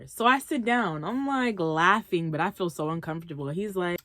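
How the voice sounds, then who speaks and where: A woman's voice: fairly low pitch, normal speed, no echo. Dry, slangy young woman telling a story. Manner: slangy, animated retelling. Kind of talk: casual story time.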